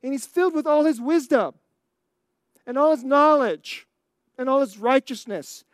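An American preacher telling a story in a sermon, animated, acting out scenes and laughing often. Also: high voice, normal speed, no room sound, studio quality. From United States.

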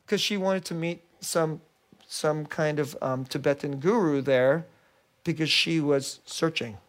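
A pastor giving a sermon in an animated, conversational storytelling manner. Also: mid-range voice.

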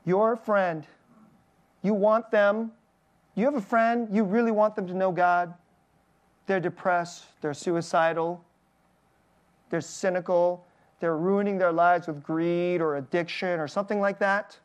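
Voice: medium pitch, fairly even intonation, measured pace, long pauses. A pastor giving a conversational sermon at a church service, chuckling between points and putting direct questions to the congregation.

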